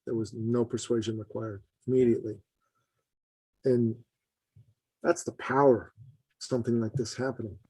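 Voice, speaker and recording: A man speaking as a podcast guest, telling an earnest story in an animated way, his voice jumping high for emphasis. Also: moderate pace, long pauses, husky, no echo, rough recording. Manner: earnest, addresses host as brother. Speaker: podcast guest, business consultant.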